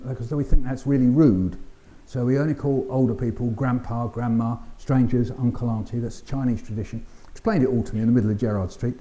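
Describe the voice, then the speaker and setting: An older man with a London accent, giving a keynote talk as an animated storyteller who acts out voices and sounds with dry humour. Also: medium pitch. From England. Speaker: keynote speaker. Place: conference hall.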